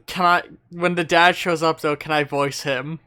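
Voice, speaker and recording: A man's voice: a little high, fairly even intonation, moderate pace, bright, forceful tone, clear, resonant tone. A man streaming, chatting casually and goofily while reading a webcomic aloud, laughing often. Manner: goofy, joking, laughs often. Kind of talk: casual read-along chat.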